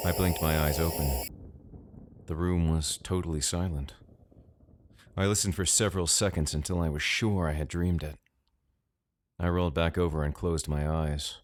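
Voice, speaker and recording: A man narrating a first-person horror story in a measured, deadpan way. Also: low-pitched, heavy background noise.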